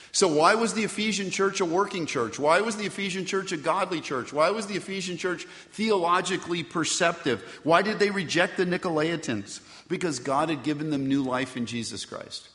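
A man's voice: a little high, fairly bright tone. A man preaching a sermon as pastor, reading scripture and asking the congregation rhetorical questions in a conversational way. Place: church sanctuary. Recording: long hall reverb.

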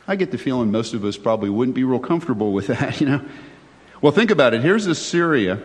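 A man's voice: medium pitch, big pitch swings, quick pace. A male pastor preaching a sermon in a chatty, conversational way, often asking his listeners questions. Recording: long reverb of a large hall.

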